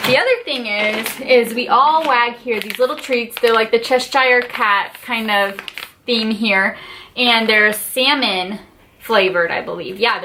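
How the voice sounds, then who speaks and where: A woman's voice: on the high side, noisy background. Gushing, chatty woman vlogger. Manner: gushing, chatty, lots of "like" and "just". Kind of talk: casual haul and unboxing vlog.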